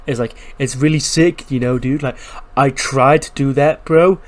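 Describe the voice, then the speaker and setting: A man's voice: medium pitch, steady tone, moderate pace, lightly acted. A man voicing a laid-back young male wrestler who rambles on in surfer-bro slang. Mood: rambling.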